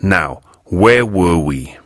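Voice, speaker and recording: A man's voice: deep voice, lively intonation, extremely slow, no room sound, clean studio sound, heavily acted. A man voicing a wry, polite detective in an audiobook story. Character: wry, polite middle-aged male detective.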